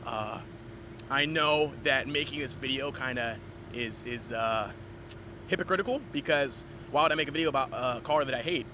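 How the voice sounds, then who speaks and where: A man's voice: mid-range voice, normal speed, noisy background. A man giving a casual, rambling car review vlog from inside a car, with lots of fillers and restarts. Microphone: camera mounted in the car.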